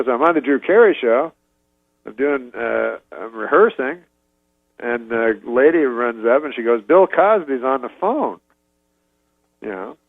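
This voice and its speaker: A man from Canada telling a rambling story in a deadpan, casual way, laughing at his own jokes, over a video call. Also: mid-range voice, vocal fry, no echo. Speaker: comedian guest. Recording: dull lo-fi dry sound.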